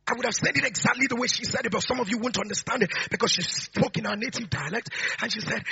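A male pastor preaches with an unusually high, piercing brightness and a gravelly edge. He drops to near-whispers for stories, then rises to shouted declarations, with bursts of tongues in between. The sound is dry and a little dull. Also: expressive, fast talker. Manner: swings from hushed storytelling to shouted declarations; speaks in tongues between sentences. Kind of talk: sermon with tongues and call-and-response.

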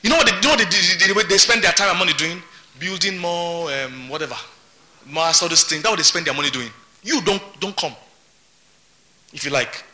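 A man's voice: fairly high pitch, a little fast, pushed and bright. A man preaching a sermon as pastor, emphatic and repeating his words. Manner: emphatic, repeats words, laughs between points.

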